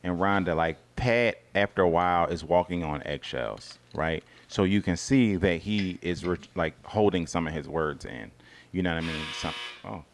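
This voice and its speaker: A man co-hosting a casual TV review chat, talking loosely with restarts and drifting into a quiet murmur. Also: moderate pace, slight background noise. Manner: conversational, restarts and trails off in a low murmur. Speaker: co-host of a reality TV review show.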